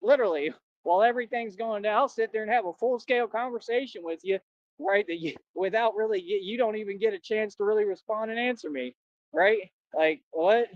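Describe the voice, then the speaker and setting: Man ranting on a stream, boastful, slangy, combative, raised pitch, dull dry lo-fi audio. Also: brisk, no room sound. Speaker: former nightclub bouncer. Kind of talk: rambling livestream rant.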